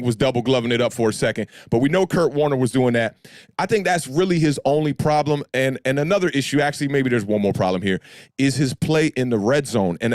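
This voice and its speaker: A man with a deep voice hosting a casual sports talk show, laid-back and slangy, addressing listeners directly. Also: no room sound, studio quality. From United States. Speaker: podcast host.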